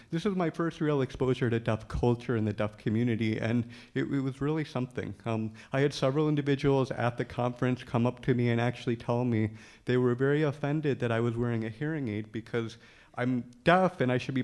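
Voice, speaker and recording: A man's voice: medium pitch, fairly quick, a little mellow. A man telling a funny personal story, acting out the lines of the people in it and laughing often. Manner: humorous storyteller, acts out dialogue. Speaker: speaker telling his story. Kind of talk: storytelling talk.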